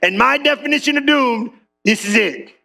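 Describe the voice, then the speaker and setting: This man is a pastor giving a lively, slangy sermon that feels like a conversation, quizzing the congregation and acting out fast voices as he veers between loud eruptions and low, drawn-out phrases. There's vocal fry in his voice, with faint music playing behind.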